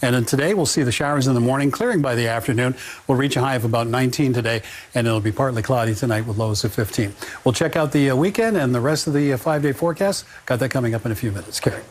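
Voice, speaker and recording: A man's voice: medium pitch, fast. A man presenting the weather on a live morning TV show, chatty and casual, with frequent filler sounds.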